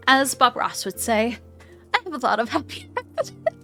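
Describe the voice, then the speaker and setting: Young woman streamer, casual chat, rambling, profane, bright voice, faint music behind. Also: sits high, wildly swooping pitch, moderate pace. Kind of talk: casual livestream gaming chat.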